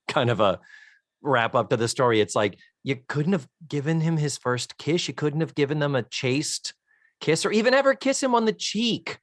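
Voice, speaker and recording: A man co-hosting a podcast, chatting casually and recapping scenes at a measured pace. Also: mid-range voice, lively intonation, no room sound, studio quality. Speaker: podcast co-host. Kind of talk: casual chat.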